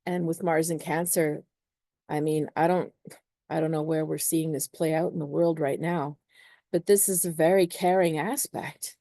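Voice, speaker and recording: A woman astrologer talks through her ideas in a relaxed, hedging manner, full of little fillers. Her voice is mellow and a bit low. The sound is dry and close. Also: moderate pace, no room sound. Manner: hedging, uses many "sort of" and "you know". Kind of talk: casual spoken explanation.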